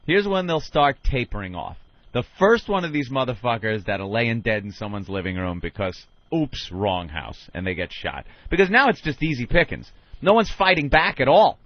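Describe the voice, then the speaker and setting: Man, radio studio, profane animated talk, dry close mic, muffled lo-fi sound. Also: medium pitch, moderate pace, hardly any pauses, no room sound. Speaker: radio show co-host. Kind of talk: casual talk radio banter. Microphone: studio microphone.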